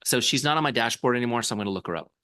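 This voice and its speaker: A man leading a live sales training demo on a video call, energetic and coaching, often checking the listeners follow along. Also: medium pitch, very fast, no echo. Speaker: software founder training a sales team.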